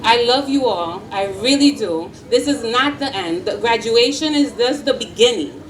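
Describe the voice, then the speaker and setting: A school principal gives a heartfelt, encouraging graduation speech at an outdoor ceremony, often laughing. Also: female voice, on the high side, lively intonation, moderate pace. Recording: distant mic with faint background noise.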